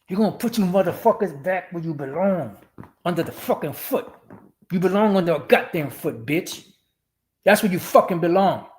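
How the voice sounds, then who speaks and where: Brief: man streaming a profane, rambling religious rant, fairly high-pitched voice. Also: lively intonation, normal speed. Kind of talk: ranting religious commentary.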